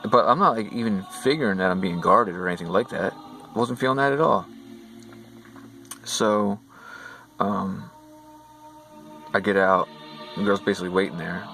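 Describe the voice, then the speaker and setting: A man's voice: sits low, normal speed, vocal fry, long pauses, bright, forceful tone, rough recording. A man casually retelling a dream, rambling with many fillers and speaking straight to his viewers. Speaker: storyteller. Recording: music playing behind.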